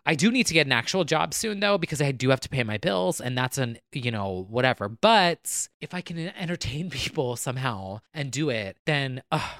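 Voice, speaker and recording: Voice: medium pitch, big pitch swings, normal speed, hardly any pauses, a bit bright, no echo, clean studio sound. A podcast host talking casually and rambling to listeners, full of filler words and acted-out quotes. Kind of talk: solo casual rant to listeners.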